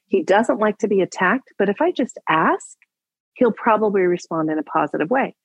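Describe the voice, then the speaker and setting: Animated woman coach, dry close mic. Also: medium pitch, normal speed, breathy edge, dry recording, poor audio. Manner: animated storyteller, acts out dialogue. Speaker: relationship coach, podcast guest. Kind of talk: interview, storytelling advice.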